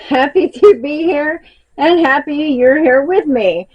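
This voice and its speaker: A woman's voice: high-pitched, a little slow, a little mellow, highs cut off. A woman with a Southern US accent chatting casually in a vlog, a bit out of breath, rambling in a folksy way. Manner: rambling, folksy, laughs often. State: a little out of breath. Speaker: crochet vlogger.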